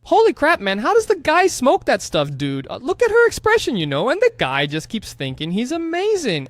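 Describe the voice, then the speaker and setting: A man casually recapping a comic story, excitable and slangy, teasing the viewers with asides. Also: very high voice, normal speed, few pauses, no room sound. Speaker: manhwa recap narrator.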